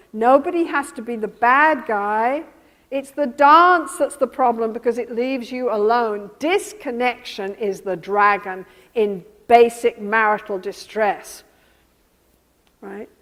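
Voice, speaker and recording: A woman therapist giving a workshop lecture, animatedly acting out both partners in a couple's session. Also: a little high. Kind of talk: teaching lecture with re-enacted session dialogue. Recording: reverberant hall.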